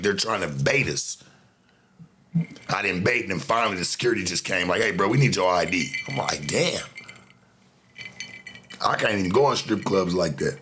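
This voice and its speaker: A man's voice: fairly low pitch, sharp tone. Laid-back profane man telling stories. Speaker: show host. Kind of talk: casual storytelling monologue.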